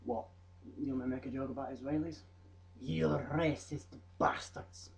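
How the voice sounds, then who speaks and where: A man's voice: mid-range voice, steady tone, unhurried, gravelly, a little hiss or hum, low-quality recording. A young man presenting trivia in a rambling, jokey vlog with mock-voice asides. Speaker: vlogger. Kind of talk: comedic fact vlog.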